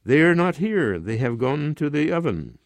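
A man's voice: on the high side, sing-song, moderate pace, dry recording, pitched above the performer's own voice. A man in his nineties reading a story, voicing an elderly grandmother who answers matter-of-factly. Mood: plain. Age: 90s. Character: elderly grandmother praying her rosary.

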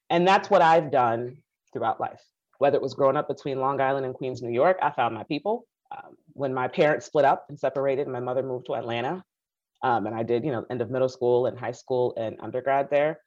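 A woman's voice: very deep voice, a little fast. Passionate Haitian-born woman storyteller. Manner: passionate, animated, acts out quoted voices. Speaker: speaker telling her life story. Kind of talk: personal storytelling talk. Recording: dull lo-fi recording.

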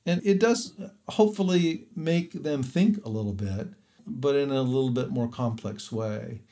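A man's voice: medium pitch, animated, unhurried, warm tone. A man, an author being interviewed, giving reflective answers and searching for words as he goes.

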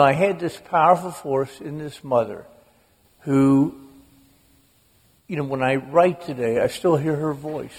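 Male author, wry humorous storyteller, raised gravelly voice, auditorium reverb. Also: a little high, darkish tone. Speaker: author guest. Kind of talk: storytelling on stage. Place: large auditorium with live audience. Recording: long echo of a big auditorium.

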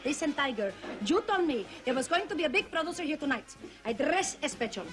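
A woman's voice: sits high, big pitch swings, brisk, over music, voice pushed up. An actress playing a brash, arrogant Puerto Rican showgirl with a heavy accent and mangled grammar, in a film clip. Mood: indignant.

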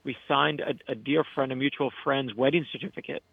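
Gravelly man talking over a phone line. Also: medium pitch, fairly quick, no room sound. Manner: earnest, animated storyteller acting out quotes. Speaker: author and guest. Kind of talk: casual interview storytelling.

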